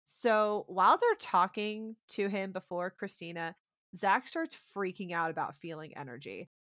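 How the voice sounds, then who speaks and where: A woman co-hosting a podcast, casually recapping a TV episode as a lively storyteller who acts out the quotes. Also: mid-range voice, measured pace, no echo, studio quality. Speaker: podcast co-host.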